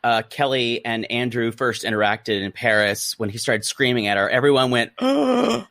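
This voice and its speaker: A man's voice: medium pitch, normal speed, no echo, studio quality. A man hosting a podcast in a gossipy, campy casual chat, often restarting his sentences. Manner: animated, campy and gossipy, repeats words when starting. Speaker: podcast host.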